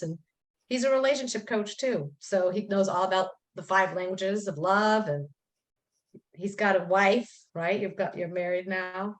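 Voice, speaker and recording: A middle-aged woman talks in a quick, chatty stream over a video call. She keeps acting out little bits of dialogue as she goes. Her voice sits at an ordinary middle pitch for a woman. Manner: talkative, animated, quotes herself and others. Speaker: coaching student sharing her story. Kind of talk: emotional, chatty testimonial.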